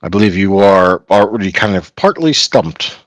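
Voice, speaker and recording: A man's voice: sits low, expressive, normal speed, no echo. A man running a tabletop game as game master, narrating playfully and laughing often.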